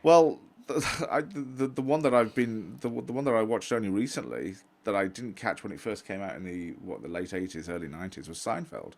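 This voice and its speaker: A man's voice: on the low side, brisk, creaky, hardly any pauses. A man co-hosting a podcast, chatting agreeably and hesitantly, often restarting his sentences. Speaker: podcast co-host. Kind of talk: casual chat.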